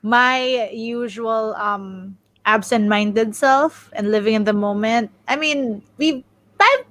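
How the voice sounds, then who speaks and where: A woman guest on a podcast in casual chat, talking in a measured way with laughing asides. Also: a little high, a bit bright, dry recording.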